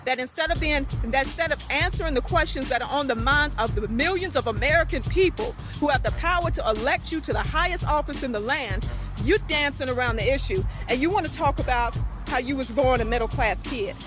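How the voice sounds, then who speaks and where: A woman with a high voice scolds and lectures as if speaking straight to her target, circling back to the same points again and again. Clear music plays behind her. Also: lively intonation, a little fast. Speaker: political commentator. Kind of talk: direct-address rant.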